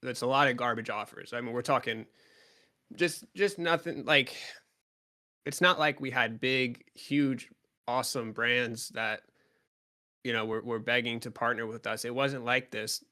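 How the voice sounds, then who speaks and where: A man's voice: medium pitch, steady tone, a little slow, sharp tone. A man answering fans in a live Q&A as a club co-owner, talking frankly and casually with lots of fillers.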